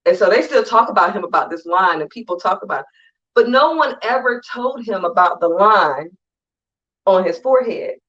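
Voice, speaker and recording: Woman, motivational speaker, low voice, emphatic, chatty, muffled lo-fi recording. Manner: conversational and emphatic, acting out friends in quick asides. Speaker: conference speaker. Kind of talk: motivational talk to an online audience.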